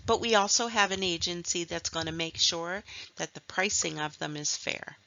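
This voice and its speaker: A woman's voice: fairly low pitch, moderate pace, vocal fry, sharp tone, dry recording, highs cut off. A woman in her fifties, from Canada, giving a recorded voice-over lecture as a nursing instructor in a conversational, explanatory way, with asides and fillers.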